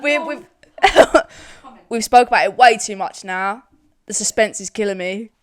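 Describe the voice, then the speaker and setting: A woman's voice: mid-range voice, measured pace, dry recording, studio quality. A young Scottish woman co-hosting a podcast, chatting casually, swearing freely and laughing often. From Scotland. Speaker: podcast co-host. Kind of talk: casual chat.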